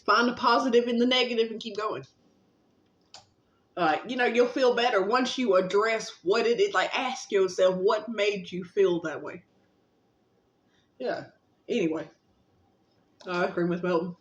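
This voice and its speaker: A woman vlogger giving a casual, rambling spiritual pep talk, gently encouraging and affectionate, with plenty of fillers and a little casual swearing. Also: medium pitch, moderate pace, pauses often. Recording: roomy, slightly dull recording.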